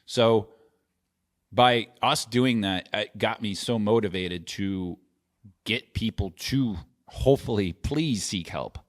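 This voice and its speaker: A man's voice: fairly low pitch, slow. A man in casual podcast chat as a guest, rambling with restarts and swearing freely. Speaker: podcast guest and video editor.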